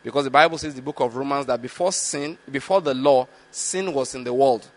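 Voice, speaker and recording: A man teaching from the Bible in a sermon, reading verses slowly and stopping to explain them and check that listeners follow. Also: medium pitch. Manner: slow, deliberate reading of scripture with explanatory asides; repeatedly checks understanding with the listeners. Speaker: preacher.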